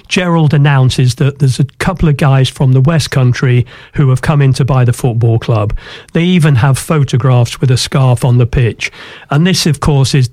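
A man's voice: medium pitch, darkish tone, no echo. A man who once owned a football club looks back on his story in an interview, in an anecdotal way with frequent "you know" fillers.

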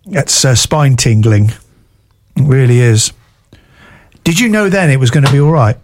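Enthusiastic radio host from Dorset. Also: male voice, mid-range voice, lively intonation, normal speed, a little mellow. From Dorset, England. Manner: enthusiastic, gushing praise. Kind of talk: community radio chat.

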